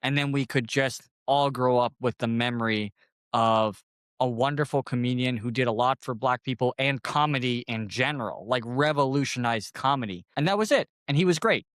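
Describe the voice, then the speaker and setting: Rambling deadpan comedian, dry sound. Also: male voice, medium pitch, moderate pace, no echo. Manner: rambling, acts out quoted voices; deadpan jokes. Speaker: comedian podcast co-host. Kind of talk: casual comedic banter.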